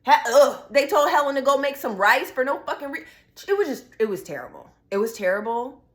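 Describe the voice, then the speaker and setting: A woman's voice: high-pitched, very animated, a little fast. A young woman vlogging in a casual, blunt style, ranting with heated profanity about a reality show. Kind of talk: casual opinion vlog.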